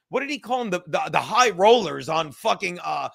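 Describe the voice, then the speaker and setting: This podcast host has a high-pitched, husky voice that's creaky and a bit bright, with lively intonation. He rants in a heated, rapid, rambling way, swearing a lot and restarting his thoughts repeatedly in a casual episode.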